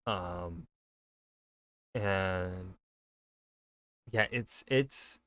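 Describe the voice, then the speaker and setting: A man's voice: low voice, very slow, fairly bright tone, clear, resonant tone, no room sound. A man, an author, giving casual reaction commentary, rambling with many fillers and restarts. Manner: rambling, lots of fillers and self-corrections.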